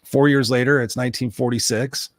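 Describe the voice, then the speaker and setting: A man speaking as a guest coach in relaxed interview chat. He talks quickly and bluntly, pushing tough love and ownership. The sound is dry and close. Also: mid-range voice, dry recording.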